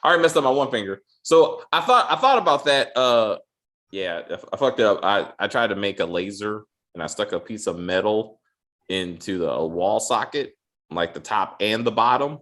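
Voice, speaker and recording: A man's voice: lowish voice, lively intonation, normal speed, a bit bright. A man co-hosting a casual chat, swearing freely and often repeating his words as he goes. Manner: loose and profane, stammers and repeats words. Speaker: podcast co-host.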